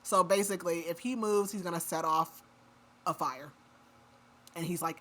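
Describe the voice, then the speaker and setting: A woman gives a relaxed, chatty recap of a book plot on a podcast, filling it with "like." Her lowish voice has a fairly bright tone and a moderate pace.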